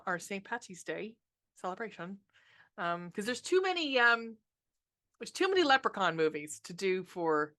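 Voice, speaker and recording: Here a female podcast co-host with a medium-pitched, bright, forceful voice talks through horror movies. Her casual review rant is peppered with curse words and frequent ums.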